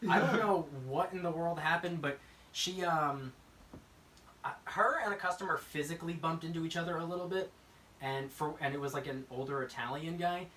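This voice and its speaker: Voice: medium pitch, moderate pace, fairly bright tone, recorded from a distance, slight background noise, low-quality recording. A podcast co-host chatting casually, gossiping and acting out the voices of people in the stories. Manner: gossipy, acts out quoted voices. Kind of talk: casual chat.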